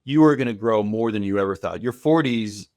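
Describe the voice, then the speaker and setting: A man of fifty speaks as a podcast guest, confident and reassuring as he tells stories. His voice is fairly low. The sound is close and dry. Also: fairly quick, darkish tone, dry recording. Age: 50s. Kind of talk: casual interview chat.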